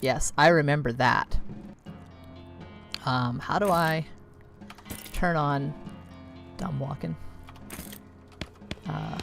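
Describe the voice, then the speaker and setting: A woman's voice: low voice, very slow, creaky, long pauses. A woman streaming a video game, reading its text aloud with playful, wry asides in casual commentary. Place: home streaming setup. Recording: game music playing behind the voice.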